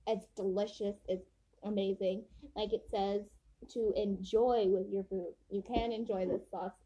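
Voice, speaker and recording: A woman's voice: mid-range voice, flat delivery, dark tone, slight background noise, rough recording. A woman chatting casually and giggling as she tastes hot sauce in a hotel room. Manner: giggly, chatty, drawn-out listing. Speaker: vlogger tasting hot sauce. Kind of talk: casual chat.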